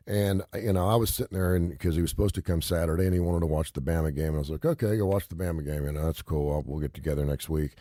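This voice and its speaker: A man's voice: low voice, dark tone, dry recording, studio quality. A middle-aged man hosting a radio talk show, telling a story in an emphatic, rambling, repetitive way.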